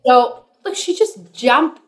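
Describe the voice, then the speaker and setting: Woman, songwriter, casual video call chat, rambling, restarts sentences, fairly high voice. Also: lively intonation, slow pace, fairly bright tone. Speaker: guest, songwriter. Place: home with a studio.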